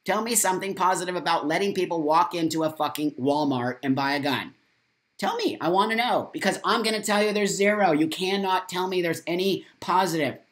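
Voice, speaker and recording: A man's voice: sits high, a little fast, fairly bright tone. Angry, profane man ranting on a livestream. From United States. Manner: angry, profane, emphatic and repetitive. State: upset and saddened. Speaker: live-stream host reading viewer comments. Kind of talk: morning live-stream commentary.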